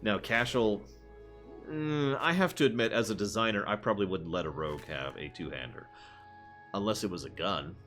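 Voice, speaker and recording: A man's voice: fairly low pitch, moderate pace, fairly bright tone, faint music behind. A man streaming a video game, chatting casually and answering his chat as he plays. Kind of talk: casual gameplay commentary.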